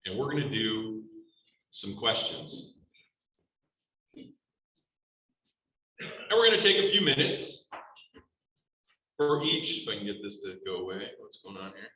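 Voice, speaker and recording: A man's voice: fairly low pitch, sharp tone, reverberant, rough recording. A man leading a joint club luncheon in a restaurant banquet room, speaking in an upbeat, informal and meandering way. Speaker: meeting leader. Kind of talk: casual speech hosting a meeting.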